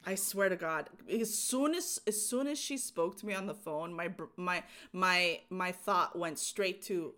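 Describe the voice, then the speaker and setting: A woman co-hosting a podcast, chatting casually and telling an animated story with fillers and laughs. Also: lowish voice, measured pace, few pauses. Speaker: podcast co-host. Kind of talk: casual chat.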